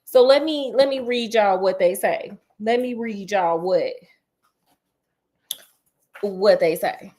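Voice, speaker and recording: Here a woman hosts a chatty book retelling, pausing often and taking her time in a mid-range voice. Sassy and animated, she plays out each character and speaks directly to her audience, calling them "girl" and "honey."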